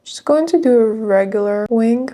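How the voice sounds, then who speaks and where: A woman's voice: on the high side, expressive, moderate pace, mellow. A young woman chatting casually to viewers while reviewing makeup, enthusiastic and direct. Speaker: beauty vlogger.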